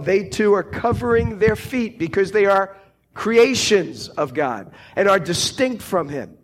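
A man preaching a sermon, slow and deliberate, lifting his voice on quoted cries. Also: sits high.

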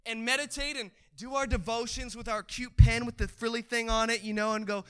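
A man preaching an energetic sermon as a pastor, excitable, stammering over restarts and bursting into shouts. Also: very high voice, brisk, clear, resonant tone.

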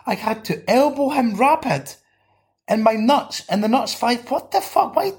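A Scottish man hosting a podcast, swearing and riffing jokingly as he reads out listeners' comments. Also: high voice. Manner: sweary, joking riffs while reading out comments. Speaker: podcast host. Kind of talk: casual comedic chat.

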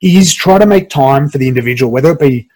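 A man hosting a casual interview on a video call, halting with many restarts. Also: on the high side, expressive, mellow, husky, rough recording. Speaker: podcast host.

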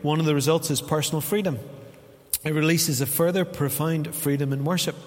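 This Northern Irish pastor's voice sits fairly high, and he talks fairly quickly with fairly even intonation. He preaches in a conversational manner, playing out small exchanges with the congregation, and the church hall adds a long reverb.

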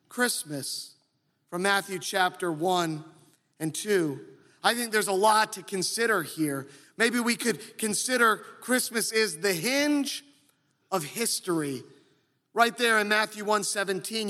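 A man preaching a sermon, slow and earnest, sometimes acting out quoted voices. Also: sits high, sharp tone, in a large hall. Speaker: pastor.

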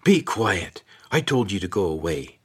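A man's voice: low-pitched, sing-song, unhurried, breathy edge, heavily acted. Man doing a curt, bossy teenage girl. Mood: commanding. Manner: abrupt, commanding.

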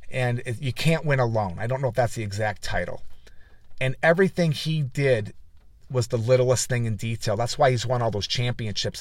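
A man hosts a motivational show, rambling through folksy business stories with lots of restarts and repeated words. His voice sits at an ordinary middle pitch. The sound is close and dry, with no room around it. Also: no room sound. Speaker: motivational speaker and podcast host. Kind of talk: casual motivational talk.

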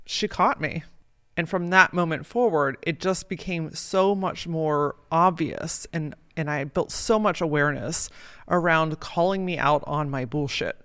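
A woman's voice: low-pitched, dry recording. Swearing, emphatic woman coach, dry sound. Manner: casual, emphatic and sprinkled with swearing. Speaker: podcast host and life coach. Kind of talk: motivational podcast monologue.

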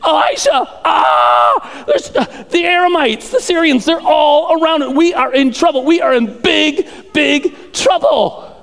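A man's voice: very high-pitched, wildly swooping pitch, measured pace, vocal fry, fairly bright tone, voice pushed up, full character voice. A man voicing a panicked young male servant who stammers frantically. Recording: echoey hall.

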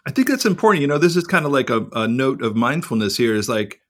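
A man's voice: mid-range voice, sing-song, quick pace, fairly bright tone. Rambling, cussing man in casual chat. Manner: rambling, reflective, swears freely. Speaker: podcast co-host.

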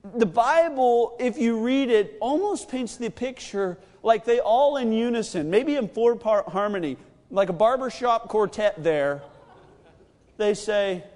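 A man with a very high voice preaches a sermon, retelling the story with lively storytelling and acting out each character's words. His voice rings out in a hall with a long reverb. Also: measured pace.

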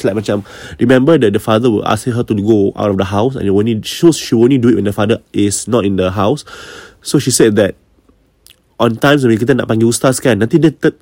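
A man with a Malaysian English accent telling a spooky story casually, chatty and dropping to a hush at the scary moments. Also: medium pitch, no echo.

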